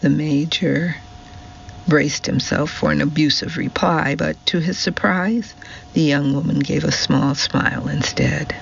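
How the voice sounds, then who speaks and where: Man, audiobook narrator, gravelly, very slow, muffled recording. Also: on the high side, steady tone, a bit bright. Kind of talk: scripted narration. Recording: dull recording with faint hiss.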